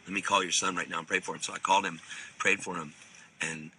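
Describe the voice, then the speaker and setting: A man's voice: sits low, steady tone, fast, bright, forceful tone, slight background noise, poor audio. A man who teaches the Bible, telling a story casually and rambling a little, with frequent restarts.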